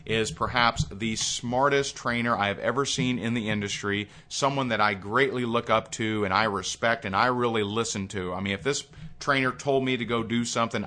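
A man's voice: fairly low pitch, pushed and bright. A man instructing a recorded sales course in an emphatic, hyped and repetitive way.

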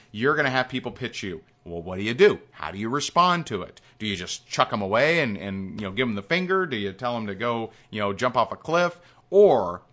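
Brief: a pumped-up male course instructor, bright and forceful, emphatic and repetitive. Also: mid-range voice. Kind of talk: recorded course lesson.

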